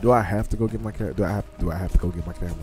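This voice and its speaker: A man, commentating his co-op stealth game casually, excitable and joking, teasing his partner. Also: low-pitched, very fast, soft background music. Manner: excitable, jokey, trash-talks his partner, bursts into loud laughs. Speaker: gaming channel host.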